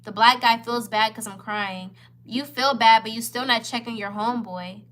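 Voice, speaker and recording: A woman's voice: on the high side, steady tone, moderate pace, fairly bright tone. A woman in her twenties, a vlogger telling a heated, profane storytime to camera, upset and near tears. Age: 20s. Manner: heated, profane, emphatic retelling.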